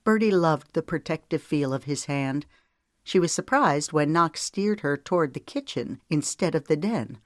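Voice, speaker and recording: An audiobook narrator reading a romance novel in an even, gentle storytelling manner. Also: mid-range voice, normal speed, no room sound, studio quality. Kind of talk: scripted narration.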